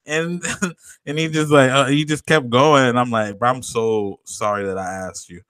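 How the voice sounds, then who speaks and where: A man's voice: mid-range voice, steady tone, moderate pace, a bit bright, clean tone, dry recording. A man co-hosting a podcast, telling stories in casual chat, swearing freely and laughing often. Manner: laid-back storyteller, swears a lot, laughs often. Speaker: podcast co-host.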